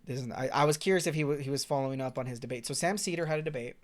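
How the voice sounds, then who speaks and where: A man's voice: mid-range voice, very fast. A young man giving profane, sarcastic reaction commentary in a casual rant. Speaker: commentary streamer.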